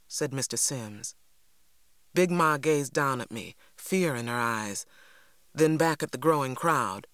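Measured audiobook narrator, dry sound. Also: mid-range voice, fairly bright tone, no echo. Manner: measured, dramatic reading.

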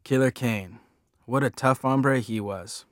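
A man's voice: mid-range voice, slow, no room sound, studio quality, close to an everyday voice. A man voicing a menacing, curt middle-aged thug who speaks with scorn.

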